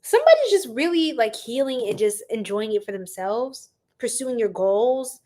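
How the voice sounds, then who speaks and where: A young woman giving a casual live-stream tarot reading, animated and slangy as she chats with her viewers. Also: a little high, moderate pace.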